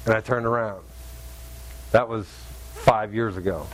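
A middle-aged man preaching a sermon in an animated storytelling way, acting out the voices in his story. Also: fairly low pitch, unhurried, long pauses.

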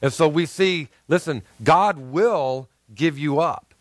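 A man from the American South preaching earnestly. His voice sits somewhat high, and he often restarts on repeated words as he works through a point. The sound is dry and close, with no room around it. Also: takes it slowly, dry recording. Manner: earnest, repeats words, addresses the crowd as guys. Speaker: pastor. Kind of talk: sermon.

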